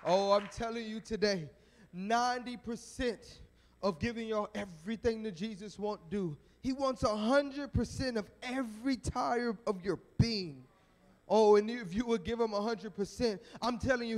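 A male evangelist preaching at a youth rally, telling a story in an animated, dramatic way. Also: sits high, normal speed. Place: church sanctuary. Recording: echoey church sanctuary.

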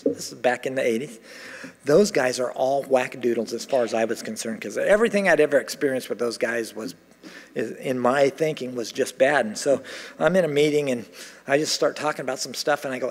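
A middle-aged American pastor preaches with lively storytelling, slipping into the voices of the people he quotes. His voice sits somewhat high for a man, and a long church reverb trails after his words. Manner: animated storytelling, acting out quoted voices with laughs. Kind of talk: sermon. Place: church sanctuary.

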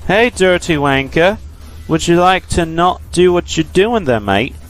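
A man's voice: a little high, expressive, a little slow, pitched above the performer's own voice, rough recording. A man doing a rude, cursing character with a British accent. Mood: mocking. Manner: mock-indignant, cursing.

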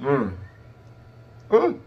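A man's voice: wildly swooping pitch, very slow, muffled recording, a little hiss or hum. A man hosting an eating show, signing off to his viewers in a casual, effusive and affectionate way, blowing kisses and teasing them. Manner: playful and teasing, swinging up high. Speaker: mukbang host.

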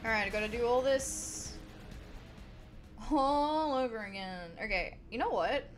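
A woman streaming a game, chatting to her audience in excitable, foul-mouthed commentary. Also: a little high, a little slow, faint music behind. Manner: excitable, swears a lot, talks to the chat. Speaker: gaming streamer. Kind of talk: let's-play commentary.

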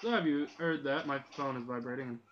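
A man's voice: medium pitch, a little fast. A young man from Dublin giving casual, joking gameplay commentary, swearing and laughing often. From Dublin, Ireland. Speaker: gaming channel host. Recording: dull lo-fi mic with faint noise.

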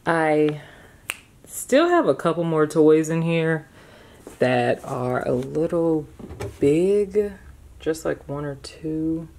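A woman's voice: deep voice, expressive, slow, darkish tone, slight background noise. A young woman chatting casually through a home vlog, rambling with fillers as she shows her living room. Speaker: vlogger, mother.

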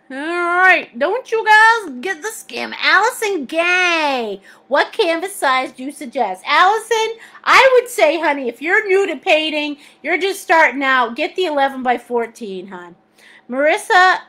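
A bubbly middle-aged woman with a very high, bright, forceful voice. She hosts a live painting class, reading viewers' comments aloud with frequent laughter. She calls everyone sweetie and honey. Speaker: art teacher hosting a live paint class.

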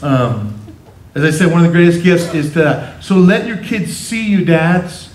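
A man preaching a sermon as pastor, animated, acting out quotes in changing voices. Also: on the high side, measured pace. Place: church sanctuary. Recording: echoey church hall.

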